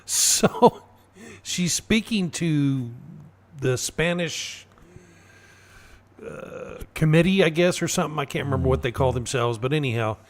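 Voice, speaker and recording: A man co-hosting a casual political talk radio show, talking in a halting way with fillers and restarts. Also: a little high. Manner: halting, lots of fillers and restarts, laughs at own stories. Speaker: radio co-host.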